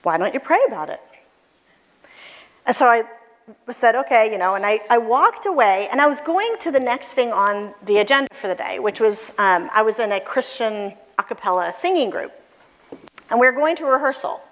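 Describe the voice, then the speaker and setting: Animated high-voiced woman telling a story. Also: fairly quick. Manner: animated, acts out quoted voices, laughs often. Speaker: speaker telling a personal story to an audience. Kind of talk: storytelling talk to a church audience. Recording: long reverb of a hall.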